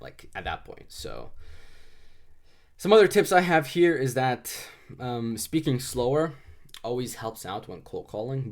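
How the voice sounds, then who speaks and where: A man's voice: lowish voice, darkish tone. A man giving loose, conversational cold-calling advice, full of fillers and restarts, sounding slightly congested. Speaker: sales trainer. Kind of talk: casual instructional talk.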